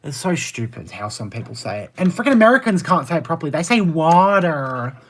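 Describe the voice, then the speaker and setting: A man's voice: sing-song, fast talker, a bit bright, slightly rough. A young Australian man in his twenties, chatting casually on a livestream and answering viewer comments in a blunt, exasperated way. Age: 20s. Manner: blunt and exasperated, jumps to high indignant pitch when ranting.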